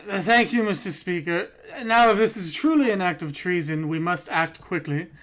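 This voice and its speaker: A man's voice: high voice, normal speed, a bit bright. A man voicing a formal male officer addressing parliament in a tabletop game.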